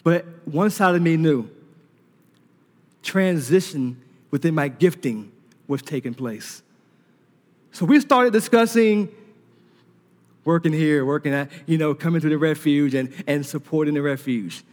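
A man with a high voice preaches to a congregation, and he tells his story with lively energy while acting out the conversations. His voice rings through a large hall with a long, trailing reverb. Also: unhurried, pauses often. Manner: animated storyteller who laughs and acts out dialogue. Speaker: preacher giving a testimony. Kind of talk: sermon delivered as a personal story.

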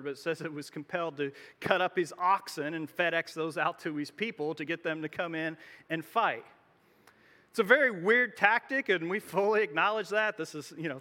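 Pastor, male, conversational sermon delivery with frequent restarts, high bright voice. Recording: long hall reverb.

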